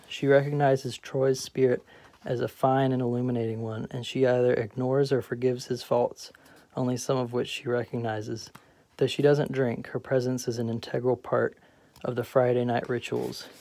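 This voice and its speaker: A man reading the stage directions of a play aloud in a measured way for an amateur audiobook. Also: mid-range voice, vocal fry, dark tone. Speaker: audiobook reader.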